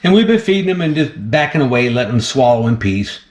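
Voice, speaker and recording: A man's voice: mid-range voice, sing-song, fast, reverberant. A man hosting a casual vlog while feeding a snake, chatty and laughing often as he talks to the animal. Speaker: snake keeper and channel host.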